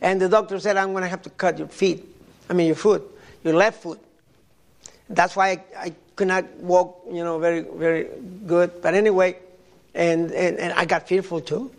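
An older man from Mexico preaching a sermon, telling personal stories in a halting way and often repeating his words. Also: high voice, steady tone, vocal fry.

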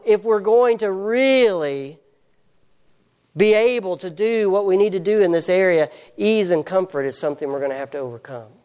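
A preacher giving an earnest, emphatic sermon, reading scripture slowly and deliberately. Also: mid-range voice, a little mellow, clear, resonant tone.

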